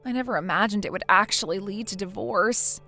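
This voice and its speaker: A woman's voice: medium pitch, fairly quick, sharp tone, faint music behind. A woman voicing a self-pitying young wife in a text-message story, pleading and defensive. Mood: dejected.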